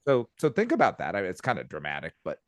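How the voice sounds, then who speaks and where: A man's voice: low-pitched, wildly swooping pitch, fast talker, no echo, studio quality. A man co-hosting a business podcast, talking bluntly and emphatically and swearing casually.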